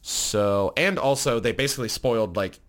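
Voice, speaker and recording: A man's voice: medium pitch, normal speed, fairly bright tone. A man co-hosting a gaming podcast in casual chat, swearing freely and ranting with enthusiasm. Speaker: podcast co-host. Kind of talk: casual chat about games.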